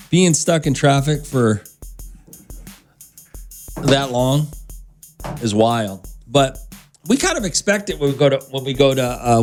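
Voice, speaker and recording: A male radio morning show host talking casually in a studio, telling loose, rambling stories straight to his listeners. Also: mid-range voice. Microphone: studio microphone.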